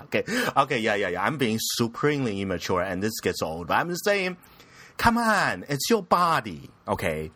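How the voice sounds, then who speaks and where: A young man talks through anime news in a loose, rambling way, jumping around in pitch with a bright, forward tone. He's crude and self-mocking, and the recording is close and dry, with no room sound. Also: very animated, normal speed, no echo. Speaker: podcast host. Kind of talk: casual anime news commentary.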